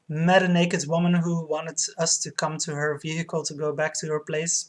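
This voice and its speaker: Giggly chatty woman streaming a game. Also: sits low. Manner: chatty, giggly, reads chat aloud. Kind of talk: let's play game commentary.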